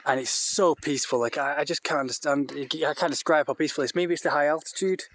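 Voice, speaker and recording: Out in a farmyard beside a duck shed, a man who vlogs about keeping poultry rambles chattily through a walk-and-talk, often restarting his sentences. He talks fast with a somewhat bright tone and shifts into a higher voice to coax his animals.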